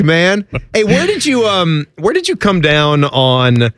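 A man's voice: fairly high pitch, wildly swooping pitch, a bit bright, dry recording. A man co-hosting a sports radio show, bantering casually with his partner, joking and laughing often as he tells stories. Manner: jokey, laughs often, quick asides.

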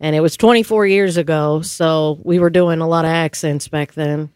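A woman's voice: sits low, steady tone, moderate pace, a little mellow, clean tone, no room sound. Hesitant self-deprecating radio woman. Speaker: radio show news reader. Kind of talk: casual radio banter.

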